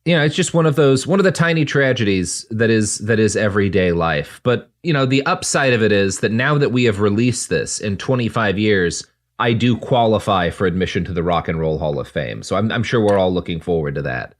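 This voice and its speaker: Lively, jokey male podcast host. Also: on the low side, fairly quick. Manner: jokey and deadpan-earnest, with lots of restarts. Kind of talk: comedic podcast banter.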